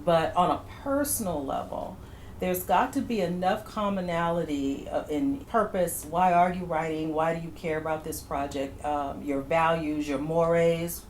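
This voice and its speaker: A female writer speaks in an interview in a measured, reflective way. Her voice is low-pitched. It echoes in the room, with faint noise underneath. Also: darkish tone. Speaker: comedy writer.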